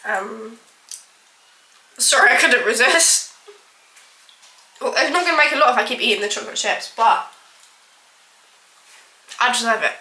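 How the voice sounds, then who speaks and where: A woman's voice: fairly high pitch, expressive, unhurried, pauses often, sharp tone, roomy sound, rough recording. A woman vlogging as she bakes in her home kitchen, rambling casually and poking fun at herself. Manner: chatty, rambling, self-deprecating, full of "like". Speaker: baking vlogger. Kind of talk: casual chat to camera.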